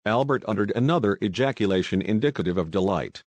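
A man narrating an audiobook in a steady, even storytelling way. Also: on the low side, quick pace, no room sound.

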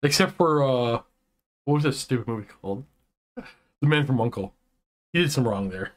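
A man co-hosting a casual online chat, ranting excitedly with many restarts and quick turns. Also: medium pitch. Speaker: podcast co-host.

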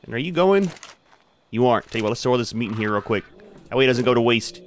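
Man, gaming host, relaxed gameplay commentary, mid-pitched voice, talks to his pets. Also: fast, slight background noise. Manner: laid-back, talks to his creatures, fillers like "man" and "dude".

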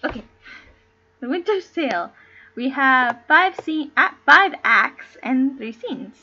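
A woman with a high, animated, sharp-toned voice reads a play aloud on her stream, going slowly and chatting casually between lines. She giggles, rambles, and trips over names, all in dull lo-fi stream audio.

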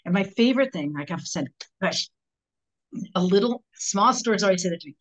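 A woman, a sales trainer, talking as a guest in an interview, animated and telling stories with quick voices for the people in them. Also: mid-range voice, rough recording. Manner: animated, acts out customers in character voices. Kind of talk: podcast interview storytelling.

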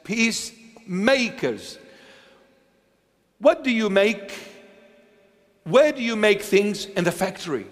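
Preaching as a bishop, a high-voiced man speaks slowly and emphatically, with big pitch swings. He asks rhetorical questions and alternates hushed lines with loud ones, all trailing off into a long reverb tail.

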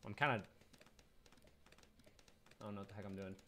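A man's voice: on the low side, steady tone, moderate pace, pushed and bright, slight background noise. A young man at home chatting casually and rambling while streaming a video game. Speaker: gaming streamer. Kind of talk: casual livestream commentary.

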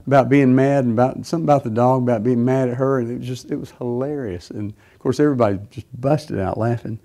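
A man's voice: mid-range voice, steady tone, fast talker, mellow. A middle-aged man preaching, telling a personal story in a rambling way with many fillers and restarts. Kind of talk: sermon testimony.

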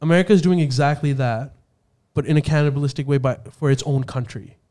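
Halting, explanatory podcast man. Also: on the high side, mellow. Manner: halting, many fillers and restarts, explanatory. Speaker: podcast co-host. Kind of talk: casual political explanation.

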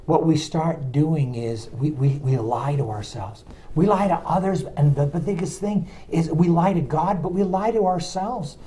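A man, a pastor, leading a Bible study in a loose, animated teaching style and asking a helper to read verses aloud. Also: on the high side, normal speed, rough recording. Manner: animated, talks straight to listeners and asks a helper to read verses.

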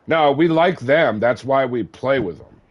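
A man's voice: mid-range voice, measured pace, highs cut off. A middle-aged man chatting casually on a gaming stream, cursing freely, joking and laughing often.

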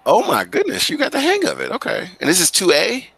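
A man's voice: high voice, huge pitch swings, fairly quick, gravelly, fairly bright tone, breathy edge. A male teacher guiding students through an online class on a video call, talking casually but directly and firmly.

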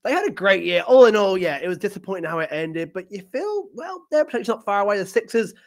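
A man's voice: high-pitched, sing-song, quick pace. Enthusiastic podcast host man. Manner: enthusiastic, agreeable, laughs often. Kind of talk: casual interview chat.

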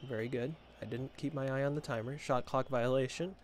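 A man's voice: medium pitch, fairly even intonation, brisk, slight background noise. Chatty joking man playing a football game. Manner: chatty, joking, talks to viewers and the players on screen. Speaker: gaming video creator. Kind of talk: casual gameplay commentary.

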